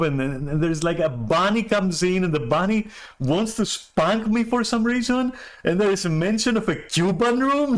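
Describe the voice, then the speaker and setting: Man, streamer, casual rant, swears a lot, lots of restarts, slightly high voice. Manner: animated, swearing, many restarts. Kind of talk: casual ranting storytelling.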